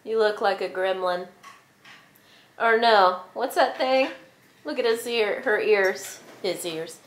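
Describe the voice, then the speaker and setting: A woman's voice: medium pitch, takes it slowly. A young adult woman, a mother filming a casual home vlog, talking playfully in baby talk to her son and her cat. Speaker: vlogger and mother. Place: home, indoors.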